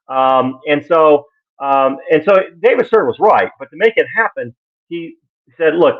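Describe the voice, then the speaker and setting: A man giving casual live-stream sports commentary, animated and exasperated, acting out the voices he quotes. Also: mid-range voice. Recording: tinny phone-like line.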